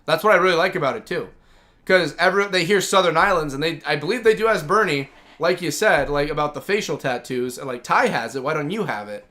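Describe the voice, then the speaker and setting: A man's voice: fairly high pitch, fast talker, bright, forceful tone. A man hosting a gaming livestream, chatting casually and enthusiastically, rambling with lots of "like". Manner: rambling and enthusiastic, heavy use of "like". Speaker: livestream host.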